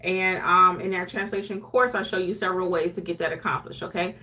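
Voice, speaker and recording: Bright-voiced chatty woman teaching notaries. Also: lowish voice, fairly even intonation, fairly quick. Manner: chatty, conversational, acts out clients' lines. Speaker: notary educator and YouTube host. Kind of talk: casual teaching talk to camera.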